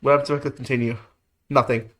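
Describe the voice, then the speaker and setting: A man hosting a let's play, giving casual, emotional game commentary with repeated loud protests. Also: mid-range voice, steady tone, fast talker. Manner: casual, informal.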